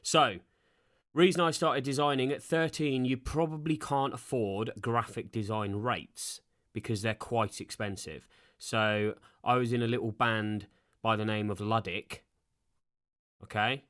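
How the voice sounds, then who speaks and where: A man's voice: medium pitch, steady tone, measured pace, fairly bright tone, no echo, studio quality. A man in his thirties hosting a solo podcast, rambling in a casual, sweary and self-deprecating way. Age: 30s. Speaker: podcast host. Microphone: podcast microphone.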